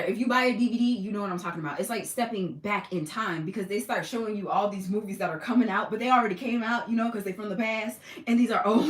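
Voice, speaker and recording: Lively, chatty young woman vlogger. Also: medium pitch, reverberant. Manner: chatty, laughing, swears freely. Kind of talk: casual chat. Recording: noisy home recording.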